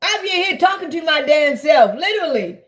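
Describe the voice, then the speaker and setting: A woman, ranting loudly and profanely to her viewers on a live stream. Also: high voice, big pitch swings, a little fast. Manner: loud, profane, rambling, talks straight to viewers. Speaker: livestreamer. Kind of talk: casual live-stream rant.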